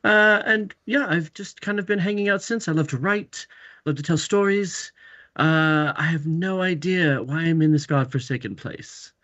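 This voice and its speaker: A man's voice: on the high side, moderate pace, a bit bright, muffled recording, natural voice. A man with a put-on British accent voicing a foppish male vampire novelist in a tabletop game, airy and fond of saying darling. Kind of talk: tabletop role-play.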